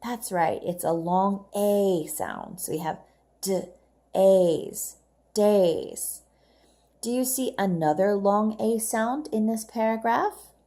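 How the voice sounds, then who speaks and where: A woman's voice: mid-range voice, very animated, measured pace, hardly any pauses, warm tone. A woman teaching children English phonics, patiently asking questions and praising their answers.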